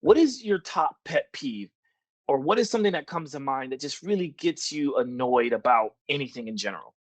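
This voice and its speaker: A man's voice: medium pitch, lively intonation, fairly quick, no echo. A man hosting a podcast interview, asking questions in a casual, conversational way. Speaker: podcast host.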